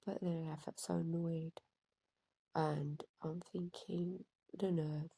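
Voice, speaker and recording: A woman's voice: on the low side, little pitch movement, takes it slowly, dark tone, husky, no room sound, low-quality recording. A woman vlogging, angry and upset, talking hesitantly with a lot of fillers and self-corrections. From Britain. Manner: hesitant, stuttering, with many fillers. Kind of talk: personal vlog rant.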